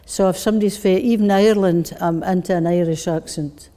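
A woman's voice: on the low side, fairly even intonation, brisk, dark tone. A woman with a northeast Scottish accent, chatting casually as an interviewed poet, laughing easily and using Scots words. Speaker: poet and guest. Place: arts centre. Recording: long reverb of a large hall.

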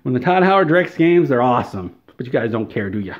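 A man's voice: mid-range voice, a little fast, highs cut off. A man delivering a satirical, mock-outraged rant in an exaggerated, whiny way. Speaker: comedy video creator.

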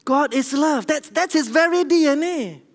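High-voiced Singaporean preacher in a reverberant hall. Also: male voice, normal speed. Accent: Singaporean English. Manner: animated, conversational, tells jokes at his own expense, asks the congregation questions. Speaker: church elder preaching. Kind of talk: sermon. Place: large church hall.

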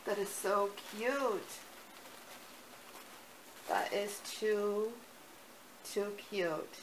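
Young woman vlogger, gushing unboxing chat, slow and breathy with excited gasps, faint background hiss. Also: mid-range voice, poor audio. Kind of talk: unboxing vlog, casual chat.

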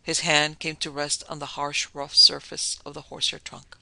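A man narrating a classic horror story in a measured, dramatic storytelling manner. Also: fairly high pitch, completely flat delivery, vocal fry, bright, forceful tone, dry recording. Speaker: podcast narrator.

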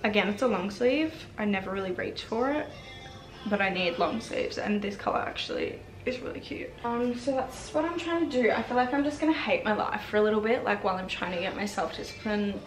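A woman's voice: medium pitch, expressive, fairly quick, echoey room, soft background music. A young woman vlogging from her bedroom, rambling candidly with lots of "like", recorded on a tripod camera. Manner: rambling and candid, heavy use of "like". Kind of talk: casual chatty vlog. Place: bedroom at home.

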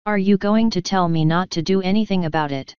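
A woman reading a sharp, determined young girl. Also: fairly low pitch, fairly quick, clean tone, dry recording, lo-fi sound, close to an everyday voice. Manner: sharp, insistent.

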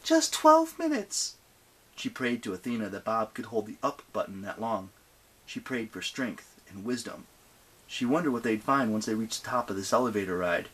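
A man narrating an audiobook with expressive reading. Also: on the low side, a little fast, breathy edge.

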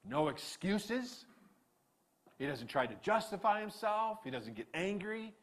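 Male pastor preaching, lively up and down pitch, punchy emphasis. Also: slow. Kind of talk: sermon.

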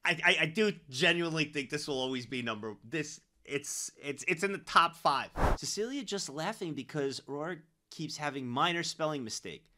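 A man's voice: fairly high pitch, expressive, moderate pace, hardly any pauses, over loud music. A man hosting a reaction video, chatting enthusiastically between clips. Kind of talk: casual reaction commentary.

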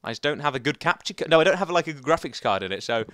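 A man's voice: fairly high pitch, lively intonation, racing, fairly bright tone. A young man giving chatty, rambling commentary while playing a survival game, talking to the viewers and to the animals. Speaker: gaming YouTuber.

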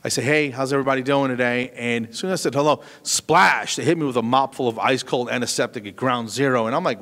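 A middle-aged man doing stand-up comedy, telling a long personal story in an animated way and jumping to high voices for punchlines. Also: fast talker. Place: stage in a large hall. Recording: long hall reverb.

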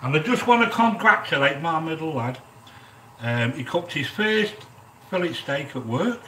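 A middle-aged man hosting a live-stream cooking chat, talking straight to his viewers and giving them shout-outs. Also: on the high side, expressive, moderate pace, distant mic, a little hiss or hum. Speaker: cooking channel host. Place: home kitchen. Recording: echoey kitchen, speaker off-mic. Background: frying and sizzling in the pan.

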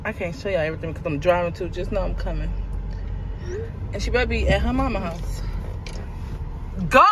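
A woman's voice: lowish voice, fairly quick, long pauses, a crowd in the background, low-quality recording. A woman talking to her viewers while she drives, heated and cursing, making threats as she vents. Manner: heated, cursing, threatening, talks to the camera as "y'all". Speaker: vlogger confronting her husband. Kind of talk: angry profane talk to viewers while driving. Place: inside a moving car. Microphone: phone camera in the car. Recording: loud car noise. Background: road and engine noise.

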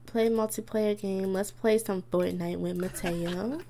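A young woman with a warm, mid-range voice keeps a steady tone and a measured pace with few pauses. As a gaming YouTuber playing a life-sim, she chats casually, giggles often, and reacts aloud to her characters.

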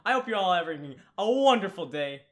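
A teenage boy ranting excitedly in a home vlog, rambling and giddy, swinging from loud yelps to mumbles, sometimes far from his desk mic. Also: sits high, brisk. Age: teens. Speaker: gaming YouTuber. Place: home room.

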